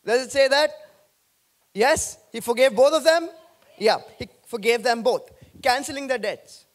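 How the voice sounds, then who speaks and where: High-voiced man preaching a sermon. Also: a little slow. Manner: animated, joking with the congregation. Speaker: pastor.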